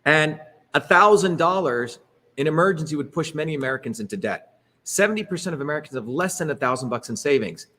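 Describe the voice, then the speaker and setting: Emphatic middle-aged man, higher-pitched. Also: lively intonation, fast talker, sharp tone. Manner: emphatic, rhetorical, peppers lines with "okay?" and "right?". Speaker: speaker leading a political talk. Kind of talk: animated public talk with slides.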